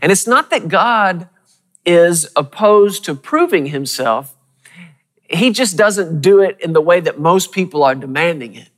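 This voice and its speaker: Male preacher, a bit high-voiced, driving his points home with repetition and questions, in a long-reverb hall. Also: sing-song, fairly bright tone. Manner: emphatic, repeats key phrases, asks the audience questions; reads scripture slowly and deliberately. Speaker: pastor. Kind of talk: sermon.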